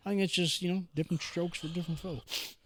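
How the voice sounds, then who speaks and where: A young adult man hosts a podcast in a high-pitched, husky voice, talking quickly with no echo. His casual chat is excitable and profane, swearing freely and stuffed with "dude" and "like."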